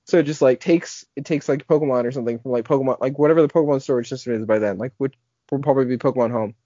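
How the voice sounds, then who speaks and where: A man's voice: mid-range voice, very fast, mellow, dry recording. A young man co-hosting a podcast in casual chat, rambling with lots of filler words and restarts. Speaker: podcast co-host. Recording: dull lo-fi podcast audio.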